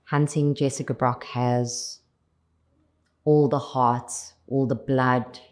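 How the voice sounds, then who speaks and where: A South African woman speaks in a very deep register for a woman, taking her time over each phrase. She sounds earnest and reflective, stacking repeated phrases one after another as an actress being interviewed. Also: steady tone, slow pace, a little mellow. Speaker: lead actress, interview guest. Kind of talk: interview answers.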